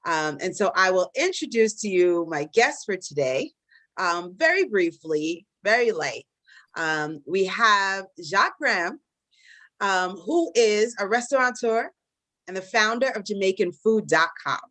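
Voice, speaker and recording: A woman's voice: mid-range voice, sing-song, unhurried, fairly bright tone, no echo. A woman hosting and moderating a live podcast debate, talking casually with many fillers and restarts and poking fun at herself. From Caribbean diaspora in the US. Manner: chatty, many fillers and restarts, self-deprecating.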